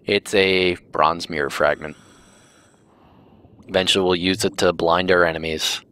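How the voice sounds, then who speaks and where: A man doing casual let's play commentary with wry, deadpan jokes. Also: sits low, moderate pace.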